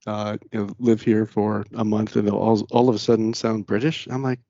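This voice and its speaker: A man's voice: lowish voice, flat delivery, moderate pace, warm tone, no echo, highs cut off. A talkative American man who is a guest on a podcast. He chats casually and rambles, with lots of fillers and restarts. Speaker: podcast guest, managing director. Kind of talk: casual interview chat.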